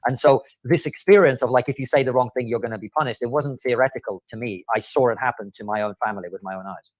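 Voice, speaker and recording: Fast-talking man. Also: medium pitch, dry recording. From Soviet Union. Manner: fast, earnest recounting with frequent fillers. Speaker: podcast guest. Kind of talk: interview clip, storytelling.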